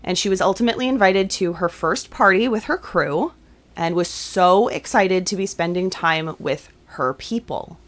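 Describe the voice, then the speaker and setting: A woman hosting an advocacy podcast who narrates a guest's story and discusses it, in a measured storytelling manner. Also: medium pitch, a bit bright, dry recording. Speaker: podcast host.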